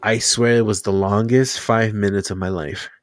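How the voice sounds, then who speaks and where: Speaking at a normal speed in a fairly low voice, a young man tells lively stories in casual podcast conversation, imitating the people he quotes. The sound is dry.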